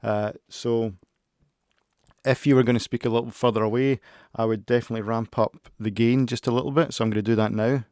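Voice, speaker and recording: A man's voice: mid-range voice, steady tone, a little fast, darkish tone, no room sound. A man giving a casual tech review into a close studio mic at his desk, rambling and hesitant, with many restarts. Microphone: close-up studio microphone.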